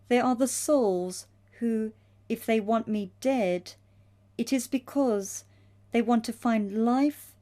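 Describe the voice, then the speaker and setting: A woman voicing an anguished, suffering Christ in a devotional reading, speaking slowly, solemnly and pleadingly. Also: a little high, mellow.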